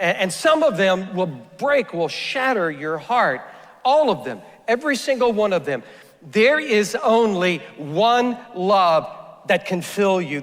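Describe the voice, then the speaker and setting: A male pastor delivers a sermon in a high, unhurried voice. He speaks earnestly and circles back over his own phrases to press a point home. The sound carries the long reverb of a church sanctuary. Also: fairly bright tone. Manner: earnest, repeats phrases while building a point.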